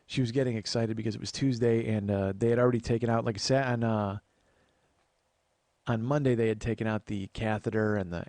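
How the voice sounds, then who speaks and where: Man in his 40s as a podcast host, gravelly voice, quick chatty storyteller with swearing, dry close recording. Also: on the low side, a little mellow, no echo. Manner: chatty, swears casually, acts out quoted voices. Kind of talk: casual storytelling monologue.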